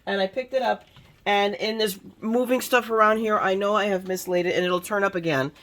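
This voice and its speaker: A woman crafting vlogger chatting excitedly to viewers about the mail she got, bubbly and gushing. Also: medium pitch, fairly quick. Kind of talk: excited casual happy-mail chat.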